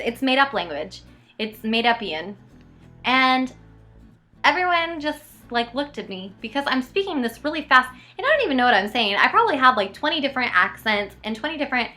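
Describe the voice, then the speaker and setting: A young woman telling embarrassing childhood stories in a casual, animated, self-mocking vlog. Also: on the high side. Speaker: vlogger.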